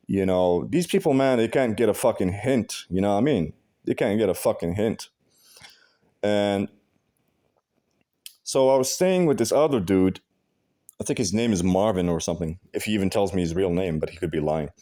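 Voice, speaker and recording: A man talking in a casual rambling monologue, halting with many fillers and restarts, blunt and full of profanity. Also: on the low side, animated, warm tone. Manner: heavy profanity, blunt and aggrieved. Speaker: vlogger.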